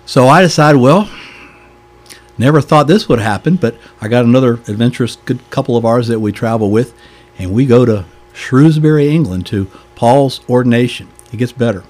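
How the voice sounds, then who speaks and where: A man's voice: medium pitch, normal speed, darkish tone. An older man with a Southern American accent, a deacon telling stories in a folksy, chuckling way during a podcast interview.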